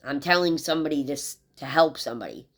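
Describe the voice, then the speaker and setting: Middle-aged woman with a low voice, tarot reader, rambling and heartfelt vlog delivery. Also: fast. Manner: rambling, heartfelt, talks straight to viewers. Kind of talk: casual tarot reading vlog.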